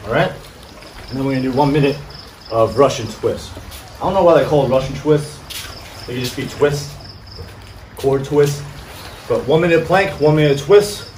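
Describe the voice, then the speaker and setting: A man leads a boxing-style workout, firing off energetic, short commands. His voice sits a bit high and comes from a distance. The recording is roomy, with insects clearly chirping behind him. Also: moderate pace, pauses often. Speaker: fitness coach. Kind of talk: live workout coaching. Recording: far-off mic with echo and insect noise.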